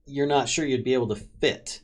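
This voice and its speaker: A man's voice: mid-range voice, brisk. Man narrating as game master. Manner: laughs often, restarts while narrating. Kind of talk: narrating a tabletop game over a stream.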